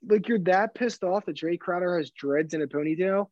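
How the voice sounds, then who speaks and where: Rambling man with a higher voice. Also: moderate pace, a little mellow, dry recording. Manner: rambling, many fillers and restarts, swearing freely. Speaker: podcast co-host. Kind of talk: casual sports podcast chat. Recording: dull, dry sound.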